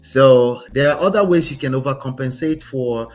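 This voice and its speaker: A man's voice: medium pitch, normal speed, faint music behind. Man coaching, chatty. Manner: conversational, keeps asking "right?", emphatic. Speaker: relationship coach host. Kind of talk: casual commentary on a reader's story.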